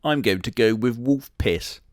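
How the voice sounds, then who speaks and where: A man playing a deadpan boastful wolf. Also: medium pitch, a little slow, no echo, clean studio sound, natural voice. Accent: Southwest English. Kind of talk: comedy sketch character monologue.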